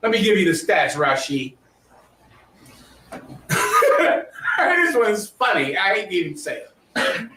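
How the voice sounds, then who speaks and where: A man's voice: sits high, huge pitch swings, slow, long pauses, bright, forceful tone, a little hiss or hum. A man teaching a history class, lecturing emphatically and quizzing his students. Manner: emphatic, preachy, asks the class questions. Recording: echoey room, mic far off.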